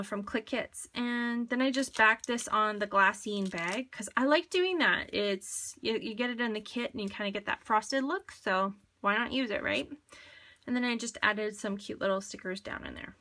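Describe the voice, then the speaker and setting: A woman talks through her craft pages in a relaxed, chatty way, drifting between asides and small fillers. Her voice is bright and forward, sitting at an everyday middle pitch for a woman. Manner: chatty, rambling, many fillers. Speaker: scrapbooking vlogger. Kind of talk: casual show-and-tell chat.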